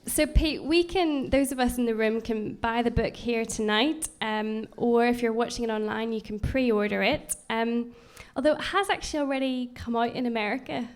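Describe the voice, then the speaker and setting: A woman's voice: fairly high pitch, moderate pace, hardly any pauses, smooth. A woman hosting a live-streamed book launch, chatty and upbeat, with frequent ums. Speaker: event host.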